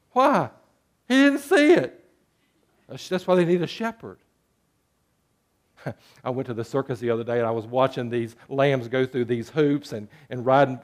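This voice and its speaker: A man preaches with a somewhat high, lively voice. He reads scripture earnestly, then turns playful and bleats like a sheep, his pitch jumping up and down. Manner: preaching, animated with rising jokes and sheep bleats. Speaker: pastor. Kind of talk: sermon.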